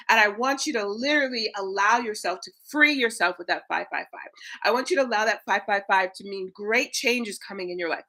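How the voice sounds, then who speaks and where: A woman in her thirties, a spiritual coach giving an energetic, preachy livestream talk to her viewers, swearing casually. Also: medium pitch.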